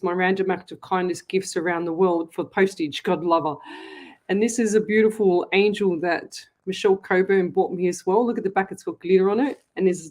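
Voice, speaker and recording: A woman's voice: fairly low pitch, darkish tone, low-quality recording. Gushing woman chatting on a home livestream. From Australia. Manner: gushing, chatty, many restarts. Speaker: psychic medium, livestream host. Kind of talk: casual livestream chat. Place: home office. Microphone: webcam.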